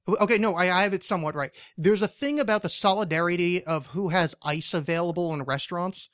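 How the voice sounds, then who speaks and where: Man podcast host, higher voice, quick talker, dry sound, rambling. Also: fairly bright tone, no room sound. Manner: rambling, restarts, swears casually. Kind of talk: casual chat.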